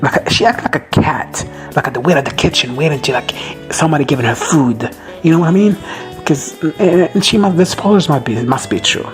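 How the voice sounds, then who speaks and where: A man giving a casual recap and reaction to a show. He rambles excitably, swears freely and drops into quick quoted asides. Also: mid-range voice. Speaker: reaction video host.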